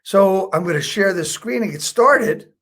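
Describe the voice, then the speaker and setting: A man with a notably high speaking voice coaches viewers through a live online lesson on building rapport. His delivery is chatty and upbeat, full of "right?" check-ins and quick self-corrections. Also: lively intonation, fairly bright tone. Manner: self-correcting, apologetic asides. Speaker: sales trainer.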